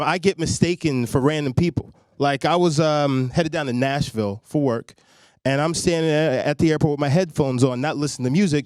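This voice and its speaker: A man's voice: a little high, darkish tone, no room sound, clean studio sound. A man from Long Island doing a stand-up comedy set, loose and conversational, talking straight to the crowd. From Long Island, New York. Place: comedy stage in a studio.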